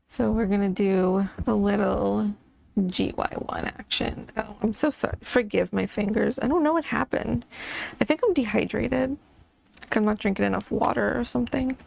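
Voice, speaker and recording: A woman's voice: mid-range voice, moderate pace, creaky, darkish tone. A woman hosting a coloring channel, chatting casually and rambling about her family while she colors, laughing now and then.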